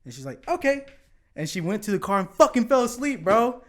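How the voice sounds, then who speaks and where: A man's voice: high voice, fast. A man casually telling a long story on a podcast, swearing often and acting out what people said. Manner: animated, swears often, acts out quotes. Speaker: podcast guest.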